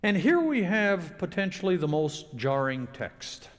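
A man preaching a sermon to a congregation, with dramatic pauses and expressive delivery. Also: high-pitched, big-room sound. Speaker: pastor. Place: church sanctuary.

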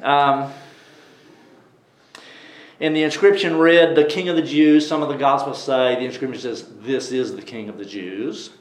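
A man leads a Bible study class in a conversational style, pausing at length and asking the class questions as he goes, with many restarts. His voice is medium in pitch and his pace is moderate. The room sounds echoey.

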